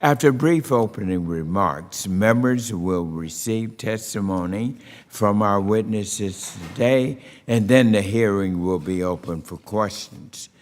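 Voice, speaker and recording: Slow, low-voiced man chairing a hearing. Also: big-room sound. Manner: deliberate, with frequent "uh" fillers. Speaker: committee chair. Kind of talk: formal hearing opening remarks. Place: hearing room.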